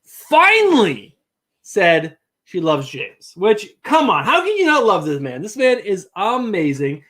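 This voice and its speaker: A man's voice: high voice, big pitch swings, measured pace, fairly bright tone. A man co-hosting a casual live stream, talking in an easygoing, rambling way. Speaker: co-host.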